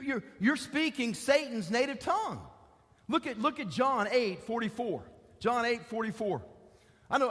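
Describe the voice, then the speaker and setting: A man's voice: sits high, a bit bright. A male pastor preaching a sermon, driving points home with repeated rhetorical questions. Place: church sanctuary. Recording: church hall reverb.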